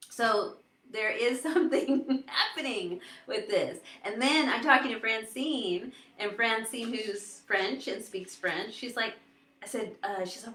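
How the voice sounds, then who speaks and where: A woman hosting a casual live stream, chatting and laughing often and quoting others in lively voices. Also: on the high side, measured pace, roomy sound. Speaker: host.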